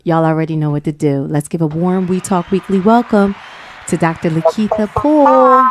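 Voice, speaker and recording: A woman's voice: on the low side, moderate pace, a little hiss or hum. A woman co-hosting a talk show, reading an upbeat introduction of the guest. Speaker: co-host.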